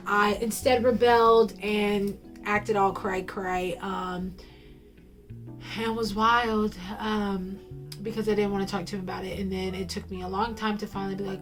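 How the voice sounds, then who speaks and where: A woman's voice: mid-range voice, steady tone, unhurried, over music. Chatty young woman sharing faith story. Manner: playful slang-filled storytelling with frequent ums. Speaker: faith vlogger. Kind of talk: casual personal testimony to camera.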